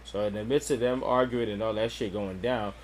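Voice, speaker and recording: A man's voice: on the low side, fairly even intonation, fairly quick, a little hiss or hum. A man co-hosting a casual podcast, laid-back and profane as he retells scenes in detail. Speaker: podcast co-host. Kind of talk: casual chat reviewing a cartoon.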